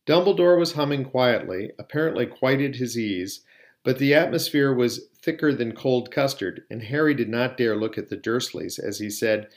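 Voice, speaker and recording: A man narrating a novel aloud at a steady pace, with a few small slips on words. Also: mid-range voice, normal speed. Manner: steady, occasionally slipping on words. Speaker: audiobook reader. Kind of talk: storybook narration.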